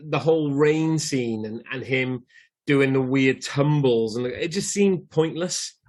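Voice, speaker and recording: A man's voice: medium pitch, slow pace, a little mellow. A man co-hosting a podcast, chatting about films in a dry, matter-of-fact, easygoing way. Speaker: podcast co-host, father. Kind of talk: casual film chat.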